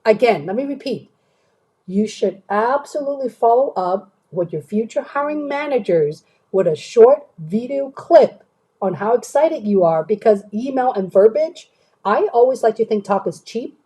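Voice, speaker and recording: A woman career coach talks through viewer questions on a live stream. Her voice is mellow and a little husky, and she keeps pausing to ask "okay?" and "right?" in a chatty, direct way. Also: on the high side, animated, low-quality recording.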